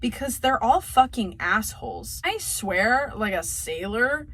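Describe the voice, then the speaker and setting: Animated woman ranting, lively swooping voice. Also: a little high, a little slow, breathy edge. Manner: profane, animated, laughs often. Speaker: vlogger reviewing movies. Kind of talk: casual rambling rant.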